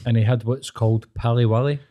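A man's voice: mid-range voice, steady tone, quick pace, muffled recording. A Scottish man in middle age hosts a laid-back podcast, spinning a bawdy yarn. He swears freely and keeps breaking into laughter as he talks. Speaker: podcast host. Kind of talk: casual podcast chat.

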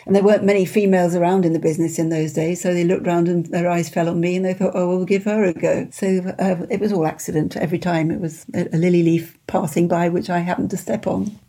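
A woman in her seventies from England answers interview questions in a low, mellow voice. Her tone is husky. She talks in a soft-spoken, measured and self-deprecating way. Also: little pitch movement. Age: 70s. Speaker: interview guest. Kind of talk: conversational interview.

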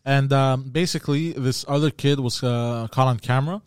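A man on a podcast casually reading out a news story, halting and stumbling over words. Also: medium pitch, smooth, dry recording, clean studio sound. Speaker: podcast co-host.

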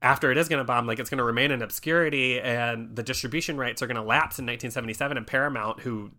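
A man's voice: mid-range voice, very fast, bright, forceful tone. A man hosting a podcast, chatting casually about an old film with lots of fillers and frequent laughs. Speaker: podcast host. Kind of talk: casual film-discussion chat.

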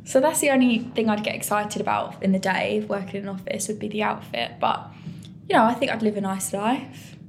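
A woman's voice: medium pitch, lively intonation, fairly quick, gravelly, slight background noise. A young woman from England co-hosting a podcast, talking in a rambling way with hesitant restarts. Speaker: podcast co-host. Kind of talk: casual chat.

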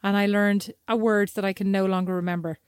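A middle-aged woman chatting casually as a podcast co-host, animated and prone to acting out quoted asides. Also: medium pitch, brisk, clean tone, dry recording, studio quality. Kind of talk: casual chat.

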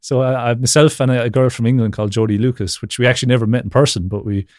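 A man's voice: medium pitch, steady tone, racing, darkish tone, dry recording, clean studio sound. A man as a guest on a video-call interview, rambling casually with lots of fillers and frequent laughs. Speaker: podcast guest.

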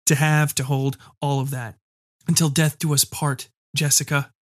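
A man's voice: a little high, moderate pace, no echo, studio quality, lightly acted. A man voicing a controlling, menacing husband who speaks in a demanding way. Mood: insistent. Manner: demanding, then eerily calm.

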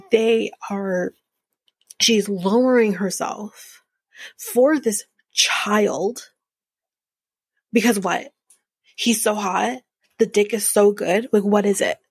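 A woman's voice: medium pitch, gravelly, a little mellow, breathy edge, no room sound. A woman in her early thirties hosting a podcast, giving a blunt, profane, opinionated casual recap of a reality show. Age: early 30s. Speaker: podcast host.

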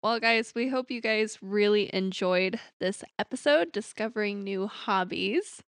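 A woman's voice: medium pitch, measured pace, no room sound, clean studio sound. A woman co-hosting a casual podcast chat, who wraps up in an upbeat, encouraging way. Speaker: podcast co-host.

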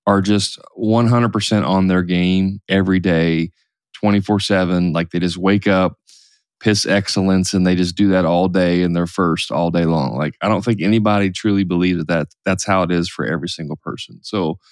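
Man, deep low voice, casual podcast chat, candid, dry room. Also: steady tone, normal speed, no room sound. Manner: candid, rambling with restarts. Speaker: podcast co-host.

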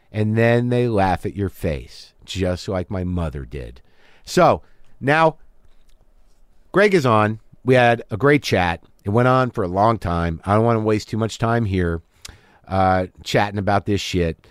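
With a medium-pitched, animated voice at a moderate pace, this podcast host talks openly and crudely in his home studio, ribbing himself and staging both halves of imagined quarrels. The recording is dry and studio-clean.

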